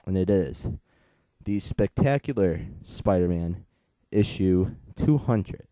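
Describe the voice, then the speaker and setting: Deep-voiced teenage comic reviewer. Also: male voice, lively intonation, slow pace, dark tone, no room sound. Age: late teens. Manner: chatty and digressive, retelling the plot.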